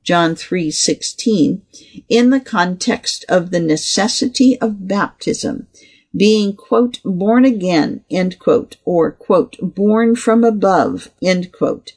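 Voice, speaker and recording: Article reader, gravelly and husky voice, reads punctuation aloud. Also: mid-range voice, animated, takes it slowly, a little mellow. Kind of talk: reading a scholarly article aloud.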